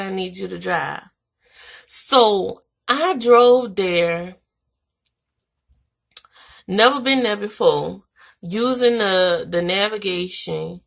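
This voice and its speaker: Chatty young woman with a gravelly edge. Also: medium pitch. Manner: animated, chatty, with "like" and "y'all" fillers. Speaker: vlogger. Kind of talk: casual storytelling to camera.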